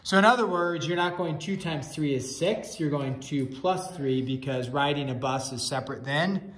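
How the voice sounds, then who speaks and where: Bright-voiced man explaining math. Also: fairly high pitch, moderate pace. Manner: explanatory, plain. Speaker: math teacher. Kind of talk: explaining a lesson.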